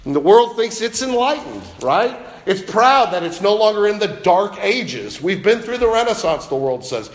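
A man's voice: high-pitched, sing-song, moderate pace, hardly any pauses. A man preaching a sermon as pastor, emphatic, with a rising and falling cadence. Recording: long hall reverb.

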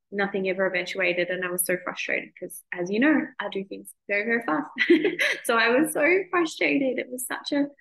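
An Australian woman in her thirties talks straight to her listeners in a loose, chatty podcast monologue. Her middle-pitched voice has a gravelly edge, and she swears freely as she goes. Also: rough recording. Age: 30s. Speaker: podcast host. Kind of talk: casual monologue.

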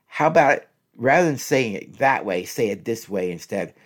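A husky-voiced man talks like a counselor giving practical advice. His pitch swings widely as he acts out examples and repeats each one. He keeps a middle pitch and a coaching tone. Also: moderate pace. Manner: animated, repeats each example phrase twice. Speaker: relationship counselor. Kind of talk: advice talk with spoken examples.

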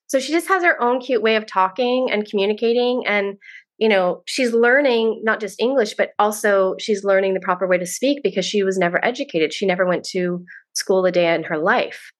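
A middle-aged woman guest on a podcast, talking casually and warmly, gushing and laughing often. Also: mid-range voice, fairly quick.

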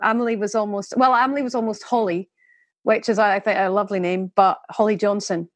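A woman's voice: mid-range voice, fairly even intonation, fairly quick, no room sound, rough recording. A woman chatting as a podcast guest, rambling and interrupting herself, laughing often. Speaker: guest parent. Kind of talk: casual conversational chat.

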